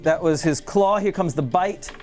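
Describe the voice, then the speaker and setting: A game master running a tabletop game in a studio, quick with rulings and sound effects. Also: mid-range voice, a little mellow, faint music behind. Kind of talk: narrating and refereeing a tabletop game.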